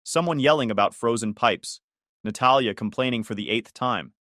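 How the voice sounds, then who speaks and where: A man's voice: mid-range voice, normal speed, bright, forceful tone, dry recording. A man narrating a first-person family story with sarcastic, dry humor.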